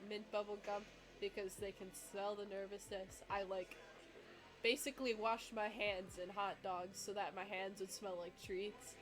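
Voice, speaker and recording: A woman's voice: mid-range voice, level tone, normal speed, over music. A young woman giving a casual, giggly, rambling reaction commentary with lots of fillers. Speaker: vlogger reacting to her own dog competition video.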